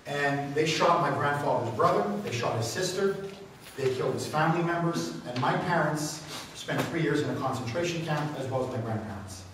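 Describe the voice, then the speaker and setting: A man with a slightly high voice speaks to a room and tells stories with rising passion, often pushing into loud exclamations. His voice reaches the mic from far off. It booms around a very echoey hall over a faint hiss. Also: expressive, moderate pace. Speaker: radio talk show host. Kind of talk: speaking to a meeting, answering questions. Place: meeting room.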